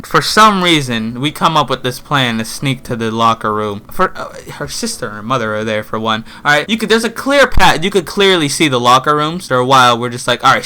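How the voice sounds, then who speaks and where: A young man telling a story to his viewers in a vlog, profane and animated, with sudden yelled bursts. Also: mid-range voice. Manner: animated, profane, yells in bursts when retelling. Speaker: vlogger.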